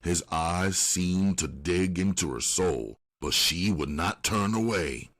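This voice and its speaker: A man narrating an audiobook in a steady, unhurried storytelling manner. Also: deep voice.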